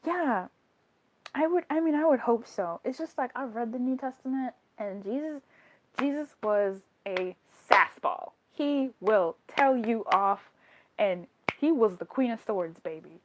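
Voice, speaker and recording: A woman's voice: fairly high pitch, measured pace, noisy background. Chatty laughing woman tarot streamer. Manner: animated, laughs often, swears casually. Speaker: tarot card reader. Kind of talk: live-stream chat reading viewer comments.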